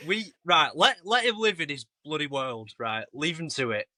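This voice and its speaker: A British man in a casual podcast chat, excitable and forever pulling the group back on track. His voice is bright and bouncy, swinging high, recorded dry and close. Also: normal speed, dry recording. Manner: tries to steer talk back on track, excitable. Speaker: podcast co-host.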